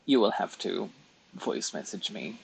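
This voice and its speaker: Slow, husky-voiced male streamer. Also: lowish voice, expressive, poor audio. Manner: chatty, rambling, laughs at himself. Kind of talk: casual chat while colouring on a live stream.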